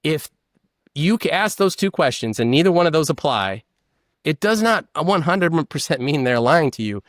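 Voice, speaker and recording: A man's voice: on the high side, normal speed, no echo, clean studio sound. A man, a former polygraph examiner, explaining as an interview guest and acting out questions and answers. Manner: animated, acts out questions and answers.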